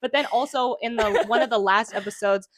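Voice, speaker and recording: A woman's voice: on the high side, a little fast, no room sound. A young woman co-hosting a podcast, chatting casually and retelling scenes with giggles and lots of fillers. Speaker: podcast co-host. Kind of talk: casual chat.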